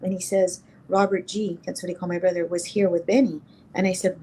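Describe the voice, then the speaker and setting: A middle-aged woman from New Mexico, a guest in an interview, telling a personal story in a halting, emotional way and acting out the dialogue. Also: fairly low pitch, flat delivery, dark tone, slight background noise, low-quality recording.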